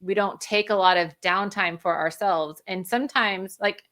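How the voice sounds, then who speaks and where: Brief: woman guest expert, bright, lively explainer, laughs easily. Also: medium pitch, moderate pace. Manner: energetic, explanatory, laughs often. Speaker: functional medicine practitioner, guest. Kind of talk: interview conversation.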